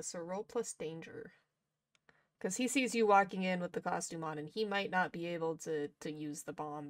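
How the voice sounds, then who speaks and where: Slightly low-voiced woman game master. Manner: chatty, quick to laugh. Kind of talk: narrating a tabletop game.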